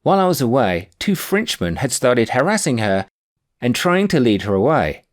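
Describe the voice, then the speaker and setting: A man reading his own book aloud, telling a personal anecdote in a wry, animated way. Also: medium pitch, moderate pace. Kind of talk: audiobook narration of a personal anecdote.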